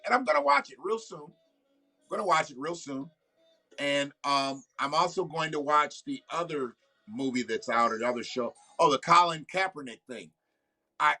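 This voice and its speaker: Livestream host, male, bright forceful tone, slightly raised pitch, faint music underneath. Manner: loose, profane, talks back to viewers. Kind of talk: casual livestream chat.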